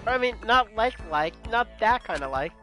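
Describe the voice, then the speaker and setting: A man voicing a bubbly, excitable teenage girl from a video game, gushing as he reads her lines on a let's play. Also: high voice, moderate pace. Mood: cheerful. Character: bubbly sporty teenage girl, donut-obsessed. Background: game music.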